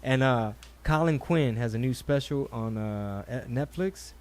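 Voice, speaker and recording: A man's voice: mid-range voice, unhurried, darkish tone. A man hosting a casual podcast chat, telling stories animatedly, acting out quotes and swearing freely. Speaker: podcast host.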